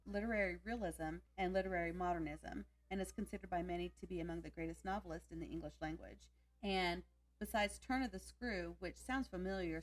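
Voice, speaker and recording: A woman's voice: fairly low pitch, distant mic. A woman with a Southern US accent co-hosting a podcast, chatting in a hesitant, think-aloud way. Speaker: podcast co-host. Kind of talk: casual chat.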